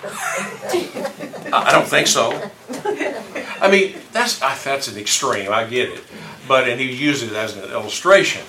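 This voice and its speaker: Brief: bright-voiced man leading a church Bible class, chatty and folksy, heard from a distance in a roomy hall. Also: medium pitch, big pitch swings, a little slow, long pauses. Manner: conversational, folksy, with rhetorical questions. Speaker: Bible study teacher. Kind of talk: informal Bible class teaching. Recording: roomy distant room mic, faint noise.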